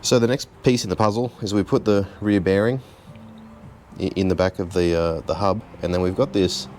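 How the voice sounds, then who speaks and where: With a faint hiss in the background, a man with a very deep voice gives a casual, moderately paced walkthrough of repairing a car at home. He's laid-back and chatty, often making light of himself.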